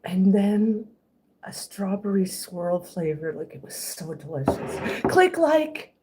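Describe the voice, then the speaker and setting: A woman's voice: fairly low pitch, very animated, a little slow, dark tone, slight background noise, poor audio. A middle-aged woman hosting a casual eating livestream at home, rambling and chatting to her viewers between bites. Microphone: camera on a stand.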